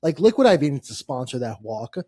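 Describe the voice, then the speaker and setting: A man co-hosting a casual sports podcast, talking in quick, rambling bursts and swearing casually. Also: mid-range voice, sing-song, darkish tone. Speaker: podcast co-host. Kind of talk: casual chat.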